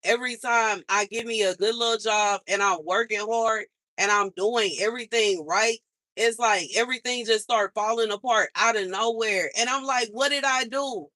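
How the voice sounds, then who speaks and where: On her livestream, a young host airs her frustrations emphatically, looping back repeatedly to the same complaints. She speaks at a moderate pace with a fairly high, bright, tense voice and fairly even intonation. The audio is close and dry, without any room echo.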